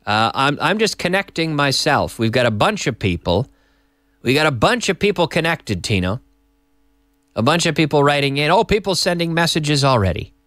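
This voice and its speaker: A man's voice: on the high side, big pitch swings, normal speed, fairly bright tone, no echo. A man hosting a live-stream English lesson, chatting casually and reading out viewer messages from a TV studio. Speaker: English teacher and host.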